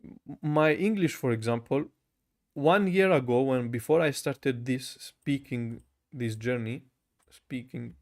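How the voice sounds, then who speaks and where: A young man with a German accent and a mid-range voice speaks a little slowly on a livestream, recorded through a camera mic. He's learning a language, so he reads comments, repeats practice phrases aloud, laughs often, and says "bro" a lot.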